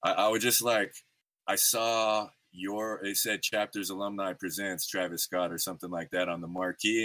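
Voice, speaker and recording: A deep-voiced podcast host in his thirties tells stories during a casual interview chat, laid-back and slangy with plenty of fillers. His tone is steady yet pushed and bright, his pace moderate, and the recording dry.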